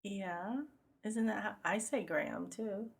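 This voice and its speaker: A woman's voice: mid-range voice, a little slow, vocal fry. A middle-aged woman co-hosting a podcast, telling stories in casual chat and laughing often. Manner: giggly, chatty storyteller. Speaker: podcast co-host.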